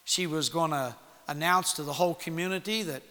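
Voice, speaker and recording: A man preaching, telling a personal story to young people in an animated way and acting out the voices in it. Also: on the high side, a little fast. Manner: animated storytelling with acted-out quotes. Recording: long hall reverb.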